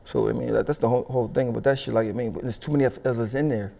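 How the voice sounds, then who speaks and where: A middle-aged man, telling stories in a casual interview, profane and animated, laughing often. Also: mid-range voice, racing, gravelly. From Philadelphia. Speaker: interview guest.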